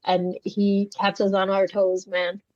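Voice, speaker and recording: A woman's voice: mid-range voice, measured pace, no room sound. A woman co-hosting a casual podcast chat, a day home provider who tells stories and acts out the voices. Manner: animated storyteller, acts out voices. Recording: dull, dry lo-fi sound.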